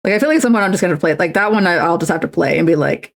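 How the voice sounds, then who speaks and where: A woman's voice: lowish voice, animated, racing, vocal fry. A woman streamer chatting casually while she cross-stitches at home, rambling and poking fun at herself as she tells stories. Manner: chatty, self-mocking, rambling storytelling.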